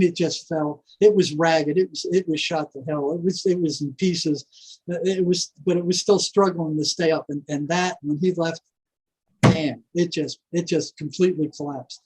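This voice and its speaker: An older man telling a long story in a rambling, animated way, full of fillers and asides. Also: on the high side, normal speed, slight background noise, rough recording. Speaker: guest, former prison psychology worker. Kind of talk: casual storytelling interview.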